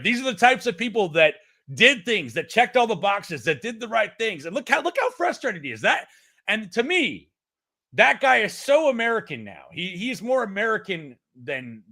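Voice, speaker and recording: A man hosting a casual live-stream news commentary, excitable, swearing and laughing as he talks. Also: high-pitched. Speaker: host of a political news stream. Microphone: streaming setup mic.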